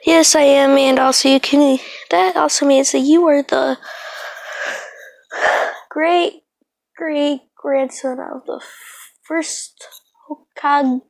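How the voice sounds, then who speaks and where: A woman voicing a brisk older woman ninja leader who speaks matter-of-factly. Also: sits high, steady tone, gravelly, dry recording, full character voice. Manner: matter-of-fact.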